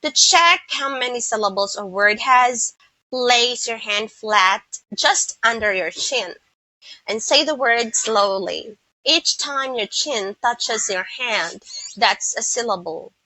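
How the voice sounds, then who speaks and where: A Filipino woman teaching English pronunciation, who speaks slowly and repeats words so listeners can copy them. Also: a little high, animated, bright, forceful tone, no room sound, low-quality recording. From Philippines. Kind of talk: pronunciation lesson.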